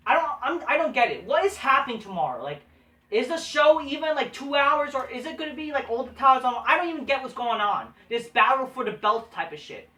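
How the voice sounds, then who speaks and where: Woman show reviewer, fairly high voice, scornful and crude, recorded at a distance. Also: animated, fairly quick, pushed and bright. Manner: profane, scornful and dismissive. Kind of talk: ranting casual review. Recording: echoey room, distant mic.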